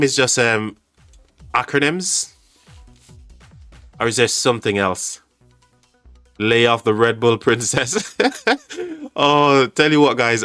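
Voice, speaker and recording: An excitable man hosts a live game stream, stumbling over his words as he chats with viewers. His voice is bright and forceful, recorded dry and close. Faint music plays underneath. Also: mid-range voice, no echo. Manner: excitable, stammering, thanks chat often. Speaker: game livestream host.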